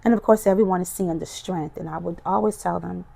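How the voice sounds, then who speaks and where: A middle-aged woman, a podcast guest, giving an emotional personal testimony in an expressive, animated storytelling manner. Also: lowish voice, fairly quick, creaky, breathy edge. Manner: expressive, animated storytelling, voices her past self.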